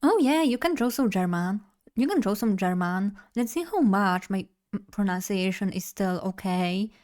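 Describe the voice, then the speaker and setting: Her voice is mid-range, animated and somewhat dark. She's a young Polish woman chatting loosely on a live stream, wandering between topics, quick to laugh and fond of poking fun at herself.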